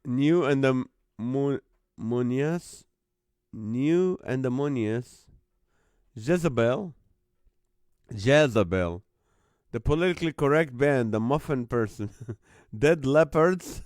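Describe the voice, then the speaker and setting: A man's voice: medium pitch, expressive, takes it slowly, darkish tone, no echo, studio quality. A man hosting a live call-in comedy stream from home on his phone. He keeps laughing as he reads out viewers' joke band names. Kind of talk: casual live-stream chat reading viewer comments.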